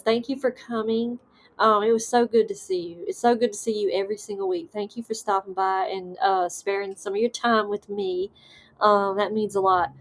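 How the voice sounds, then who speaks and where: With a mid-range voice and a Southern American accent, a woman from the Southern US hosts a live paranormal stream, casually chatting as she reads live comments. She stays relaxed, breaks into laughter easily, and fills her talk with lots of fillers.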